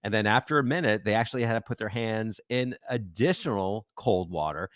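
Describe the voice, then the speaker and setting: A man with a fairly low voice speaks as an expert guest in a podcast interview. He explains at a measured pace, often pausing with ums. The sound is dry and close. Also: dry recording.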